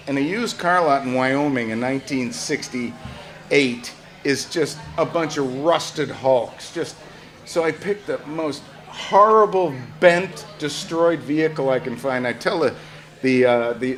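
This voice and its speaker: Brief: older male storyteller, salty and animated, laughs through his tale. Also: fairly high pitch. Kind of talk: live personal storytelling.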